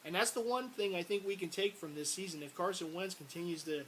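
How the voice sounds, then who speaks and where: A sports fan vlogger vents about his team in a casual on-camera rant, rambling, repeating words and breaking into exasperated outbursts. His voice sits high with a fairly bright tone and a fairly quick pace, captured on poor audio with a faint hiss.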